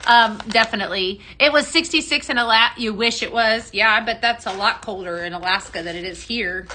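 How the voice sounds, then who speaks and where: A woman's voice: fairly high pitch, brisk, pushed and bright. A woman with a Texan accent hosting a casual live stream, chatty and bubbly, greeting viewers by name and laughing often. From Texas. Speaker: live-stream host mixing fragrances. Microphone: phone.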